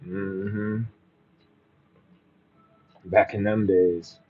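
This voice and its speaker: In dull audio, a man with a low voice and level tone reads a bedtime story slowly, now and then stopping to muse casually about it.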